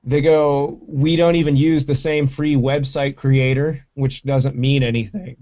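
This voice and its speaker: A man hosts a casual livestream, spinning profane, rambling stories with plenty of animation. His voice sits at a middling pitch and comes through a desk mic and mixer. The stream audio sounds dull and lo-fi. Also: steady tone, unhurried, warm tone. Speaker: livestream host.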